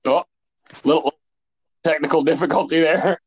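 A man co-hosting a podcast in casual chat, telling stories in an animated way with lots of fillers. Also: on the high side, moderate pace, slightly rough, poor audio. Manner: animated, filler-heavy storytelling. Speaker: podcast co-host.

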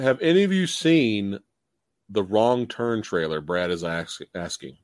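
A man hosting a late-night live chat about movies, talking in an animated, swooping way and acting out his own reactions with plenty of swearing. The sound is dry and close, like a video call. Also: on the low side, measured pace, no room sound. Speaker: live stream host.

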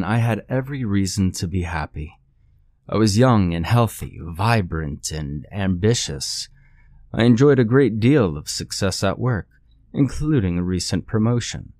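A man narrating a horror story in a measured, dramatic storytelling manner. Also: low voice, darkish tone.

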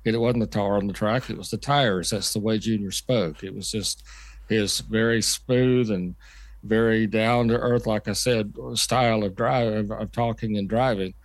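An older man, a veteran motorsport journalist, telling stories in a casual podcast chat at an unhurried pace with many fillers. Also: lowish voice, steady tone, dry recording.

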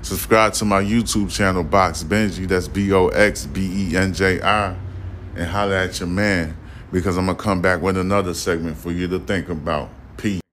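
A man's voice: low voice, fairly even intonation, moderate pace, fairly bright tone, a little hiss or hum. A man hosting a solo commentary podcast, talking in a blunt, emphatic, casual way and swearing often. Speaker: podcast host.

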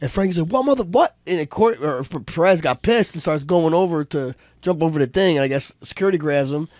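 A middle-aged man on a casual podcast, telling fight stories in an animated, profane way and acting out other people's voices. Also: fairly high pitch, brisk, no room sound, clean studio sound. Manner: animated storyteller, profane, acts out voices loudly. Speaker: podcast co-host, fight coach.

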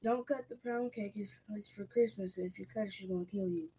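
A woman's voice: mid-range voice, brisk, crowd noise, rough recording. A woman insistently telling someone what not to do, speaking from away from the microphone. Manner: insistent, nagging.

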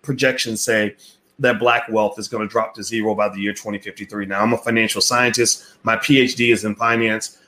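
A man's voice: lowish voice, fairly bright tone. A man giving a blunt, profane opinion rant as a finance commentator, repeating himself and daring the listener to prove him wrong. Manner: repetitive, rhetorical, challenges the listener. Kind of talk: direct-to-camera opinion rant.

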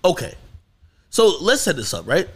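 A man hosting a casual podcast, his voice a little higher than most men's. He tells the story with big swoops in pitch, climbing to excited highs, and swears freely as he goes. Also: moderate pace, breathy edge. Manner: animated storytelling, swearing, rising to high excited peaks. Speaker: podcast host.

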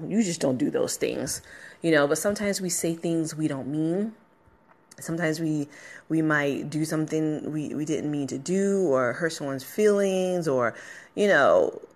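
Low-voiced woman giving an emotional podcast pep talk. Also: a little mellow. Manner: emotional, encouraging, rambling. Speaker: podcast host. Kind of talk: casual motivational podcast talk. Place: at her workplace, a dog barking nearby.

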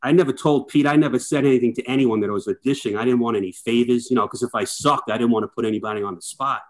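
Man, middle-aged, firefighter, lively anecdotes, acts out dialogue, average pitch. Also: very fast. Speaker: guest, firefighter. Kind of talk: casual storytelling chat.

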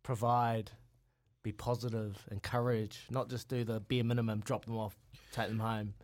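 Kiwi bloke on morning radio, earnest, short punchy phrases. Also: male voice, fairly low pitch, flat delivery, normal speed, a little mellow. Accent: New Zealand. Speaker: radio co-host, former rugby player. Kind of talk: casual radio chat.

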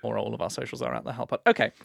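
A man's voice: medium pitch, steady tone, very fast, creaky, a bit bright, no room sound, studio quality. A young man co-hosting a comedy podcast in a camp, theatrical manner, reading listener letters aloud with cheeky asides. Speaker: podcast co-host. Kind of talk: casual comedic chat.

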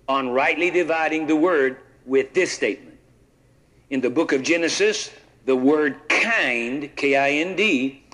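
A man with a slightly high, somewhat bright voice preaches a sermon over poor audio. He reads scripture aloud and prompts the congregation to answer "what?", often repeating words and restarting his sentences.

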